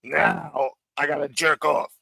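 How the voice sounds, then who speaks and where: A man doing a mocking impression of a gravelly-voiced mobster. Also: a little high, fairly even intonation, takes it slowly, bright, forceful tone, no echo, exaggerated voice. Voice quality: gravelly, husky. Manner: mocking imitation.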